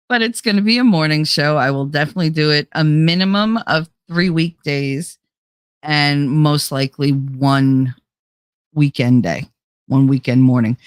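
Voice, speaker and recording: A middle-aged woman with a low-pitched voice hosts a loose livestream, chatting straight to her viewers and reading out their comments. She laughs often and swears without a second thought. Her voice is close and dry, with no room sound around it. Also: dry recording. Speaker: livestream host.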